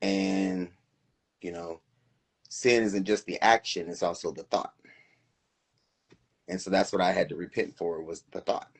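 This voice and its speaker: On a casual live stream, a middle-aged co-host speaks in a low, husky voice with vocal fry, keeping a steady tone and a slightly slow pace with long pauses. His manner is earnest and thoughtful, and he questions himself.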